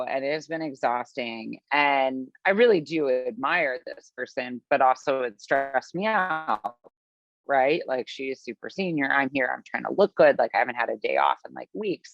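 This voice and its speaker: A woman from the Midwest, a podcast guest telling a long story in a chatty, animated way, full of fillers and acted-out quotes. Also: a bass voice, moderate pace, vocal fry, dry recording. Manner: animated, chatty, filler-heavy, acts out her own past lines. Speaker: podcast guest, business founder. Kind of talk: storytelling in conversation. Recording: dull, lo-fi, dry sound.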